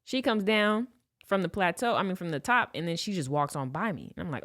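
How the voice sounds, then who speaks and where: Animated storyteller, swinging pitch. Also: male voice, fairly quick, dry recording, studio quality. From Los Angeles. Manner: animated storyteller, swears freely, acts out quotes with big pitch jumps. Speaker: podcast co-host. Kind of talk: casual storytelling.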